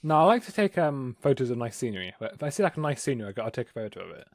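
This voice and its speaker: A young man co-hosting a podcast in a mid-range voice. He rambles hesitantly and pokes fun at himself, his pitch rising and falling a lot. The sound is dry and close. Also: very animated, very fast, no echo. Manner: hesitant, rambling, self-deprecating. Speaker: podcast co-host. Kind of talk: casual podcast chat.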